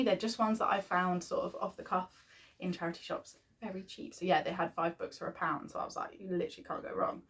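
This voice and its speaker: Chatty British woman, slightly distant. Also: medium pitch. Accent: British English. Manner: chatty, rambling, laughs often. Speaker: parenting vlogger. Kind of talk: casual chat. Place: home nursery.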